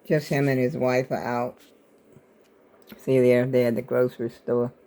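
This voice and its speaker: A woman's voice: very deep voice, flat delivery, measured pace, warm tone. An older woman vlogger, rambling in casual chat to her viewers. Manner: rambling, chatty, talks to viewers as y'all.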